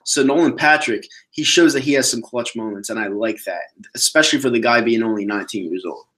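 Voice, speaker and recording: A man hosts a casual solo sports podcast and answers viewer questions. He talks bluntly, swears freely and rants with animated energy. His voice sits at an average pitch for a man. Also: fairly quick. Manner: blunt, profane, animated ranting.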